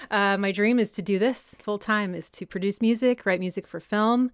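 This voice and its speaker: A woman's voice: mid-range voice, normal speed, smooth, no echo, clean studio sound. A young woman hosting a casual livestream Q&A about music, reading viewer comments aloud and answering them in a chatty way. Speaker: music analysis channel host. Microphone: personal desk mic.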